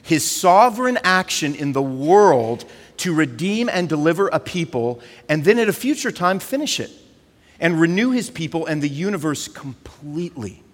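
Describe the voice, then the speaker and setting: A male pastor, giving a conversational, animated sermon and leaning on filler words. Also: a little high, moderate pace, long reverb tail.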